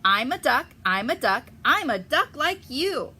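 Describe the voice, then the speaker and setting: A woman's voice: high voice, very animated, unhurried, sharp tone, husky, pitched above the performer's own voice, heavily acted. A woman voicing a hairy fox pretending to be a duck in a storybook, insisting and boasting. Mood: insistent.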